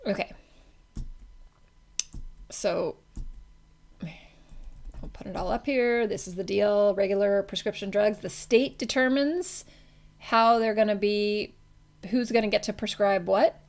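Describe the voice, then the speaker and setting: Woman lecturing, gravelly voice. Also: mid-range voice, takes it slowly, long pauses, darkish tone. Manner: casual, conversational, self-correcting. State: has the hiccups. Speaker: pharmacology instructor. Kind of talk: classroom lecture.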